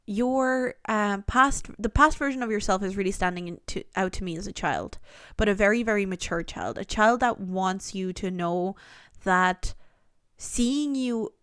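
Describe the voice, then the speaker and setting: Woman tarot reader, earnest and rambling, mid pitch, crisp dry sound. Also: unhurried, a bit bright, no echo. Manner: earnest, rambling, full of fillers and restarts. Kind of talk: pick-a-card tarot reading.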